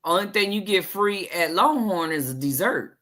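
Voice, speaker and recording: A woman's voice: fairly low pitch, expressive, normal speed, a bit bright. A woman with a Southern US accent, hosting a crochet livestream and chatting playfully with her viewers. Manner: chatty and playful, reads live chat aloud. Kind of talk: casual chat.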